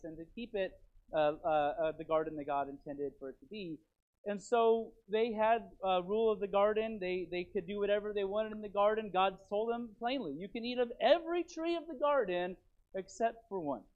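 A man preaching a sermon as pastor in his church, rambling and repeating himself with animated stops and starts. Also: sits high. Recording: tinny phone-like sound.

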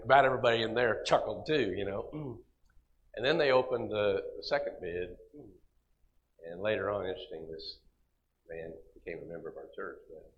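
A pastor with a low, deep voice preaches by telling a personal story, animated and often pausing to clear his throat. The recording is somewhat dull and lo-fi. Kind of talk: sermon testimony storytelling.

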